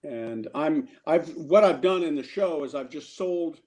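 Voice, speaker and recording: A man telling a rambling showbiz story on a talk show in a slightly high voice. He trips over his words here and there and throws himself into the voices of the people in his tale. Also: a little slow. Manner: animated storyteller who acts out other people's lines. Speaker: guest actor. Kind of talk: casual anecdote telling.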